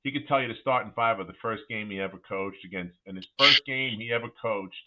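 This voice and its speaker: A middle-aged man, a former college basketball player, telling animated anecdotes as a guest with frequent restarts. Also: fairly low pitch, quick pace, very noisy. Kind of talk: casual interview storytelling. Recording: tinny phone-like line.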